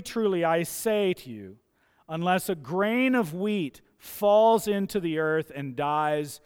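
Gravel-throated preacher in a reverberant hall. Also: male voice, high voice. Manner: emphatic, repeats key phrases for stress. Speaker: pastor. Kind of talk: sermon.

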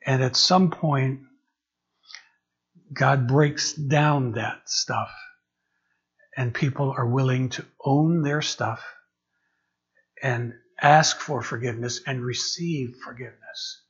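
Halting interim pastor, husky voice. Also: male voice, mid-range voice. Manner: halting, repeats words while searching for phrasing. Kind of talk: sermon. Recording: dull lo-fi recording.

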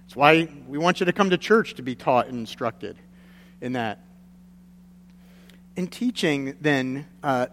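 A man's voice: mid-range voice, a bit bright, slight background noise. Man preaching in a reverberant church. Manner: earnest, builds to emphatic, tells folksy stories. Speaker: pastor. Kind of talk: sermon. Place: church sanctuary.

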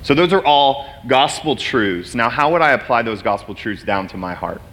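A man's voice: medium pitch, lively intonation, moderate pace, fairly bright tone. A man giving a sermon as a guest preacher, earnest and personal, speaking openly about his own struggles. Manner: earnest, personal, emotional at times.

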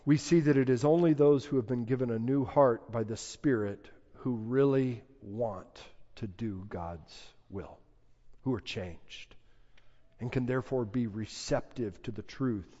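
Slow emphatic preacher in a reverberant hall. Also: male voice, medium pitch. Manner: emphatic preaching, rising to loud peaks on scripture quotes. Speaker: pastor. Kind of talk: sermon. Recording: dull lo-fi sound with long hall reverb.

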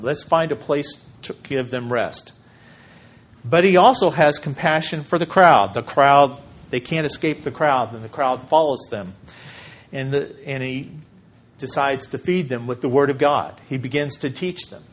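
A man preaching a sermon in a church, delivering each point in a measured, emphatic way. He stops deliberately to stress key words. His voice sits a little higher than most men's. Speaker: pastor.

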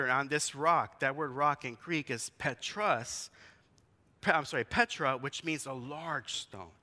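A man's voice: mid-range voice, pushed and bright. A man in his forties, a pastor giving a conversational sermon in a church, telling stories and asking the congregation questions. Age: 40s.

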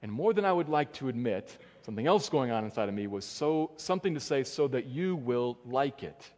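A man's voice: big pitch swings, fairly quick. Earnest male pastor in echoing hall. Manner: earnest, dropping soft and low for emphasis. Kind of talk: sermon. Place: church sanctuary. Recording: long church hall reverb.

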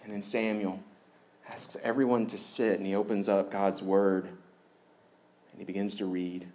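A man preaching a sermon as a story, animated, going from loud outbursts to hushed tones. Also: deep voice, measured pace. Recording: echoey room.

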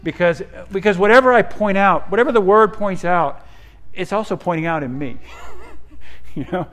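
A middle-aged male pastor preaching a sermon, earnest, dropping to hushed tones and rising to emphatic peaks. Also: high voice, normal speed.

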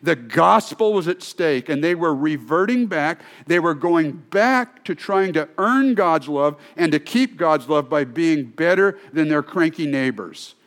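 A man's voice: a little high, animated, measured pace, hardly any pauses. A male pastor preaching a sermon in a conversational, storytelling way, often restarting his sentences.

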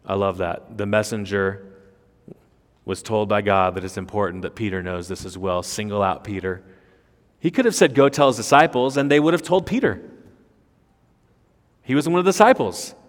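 A man's voice: lowish voice, moderate pace, pauses often. A man preaching an expository sermon, emphatic, with rhetorical questions and repeated words. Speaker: pastor. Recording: long reverb of a large hall.

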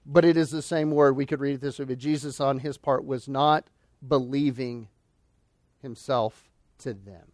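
A man's voice: medium pitch, fairly even intonation, normal speed, a little mellow, no echo, studio quality. A male pastor preaching an expository sermon, emphatic and full of rhetorical questions.

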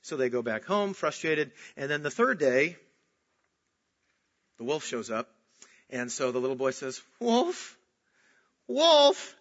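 A man preaching a sermon, moving between animated storytelling and soft, earnest emphasis. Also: mid-range voice, unhurried, long pauses, lo-fi sound. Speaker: pastor.

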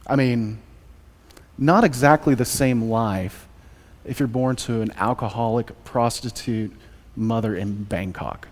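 An American man with a medium-pitched voice delivers a Sunday sermon as pastor at an unhurried pace. His style is conversational, sprinkled with joking asides, and the recording has the reverberation of a church hall.

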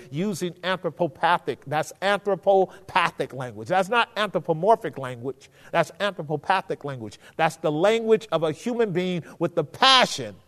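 A man's voice: on the high side, big-room sound. A man teaching scripture to a group in a conversational sermon, often checking that his listeners follow him and rising in force when he quotes verses. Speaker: pastor teaching a Bible study.

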